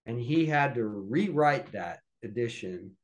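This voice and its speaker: Animated man telling a family story. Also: mid-range voice, measured pace. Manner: animated storyteller with frequent restarts. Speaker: podcast guest.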